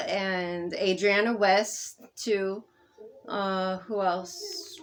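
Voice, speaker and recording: Woman, mid-range pitch, rambling vlog monologue, stop-start delivery full of restarts, drops soft then pushes loud. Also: faint music behind. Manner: halting and rambling, many fillers and restarts; swings between soft murmuring and loud insistence. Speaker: vlogger speaking to camera. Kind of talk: unscripted personal monologue.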